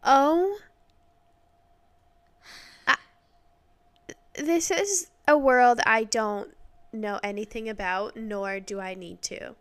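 Higher-voiced woman reacting to a story. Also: clean tone. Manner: reactive, quick quips and gasps. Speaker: podcast co-host. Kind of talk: casual chat.

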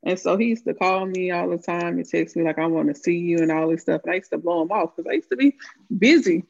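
A woman's voice: lowish voice, fast, gravelly. A woman telling a story in casual chat, swearing freely and laughing often. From American South. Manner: profane, animated, laughing often. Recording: dull lo-fi sound.

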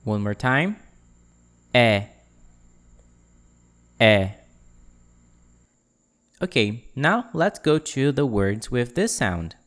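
A man teaching a French pronunciation lesson on a podcast, speaking clearly and repeating words for listeners to copy. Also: mid-range voice, very animated, measured pace, hardly any pauses.

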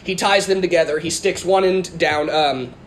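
A man's voice: a little high, moderate pace, slight background noise. A man telling a funny story in casual chat, rambling with lots of fillers and frequent laughs.

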